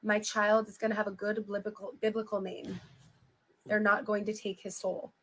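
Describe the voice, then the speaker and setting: A woman's voice: mid-range voice, level tone, normal speed, fairly bright tone, rough recording. A woman giving casual reaction commentary, chatty and full of "like" fillers as she retells a story. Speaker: commentator reading a memoir aloud.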